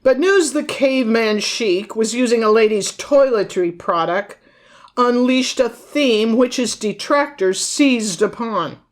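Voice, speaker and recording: Woman, podcast co-host and author, measured reading, quotes her sources, fairly high voice. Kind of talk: reading aloud from research notes.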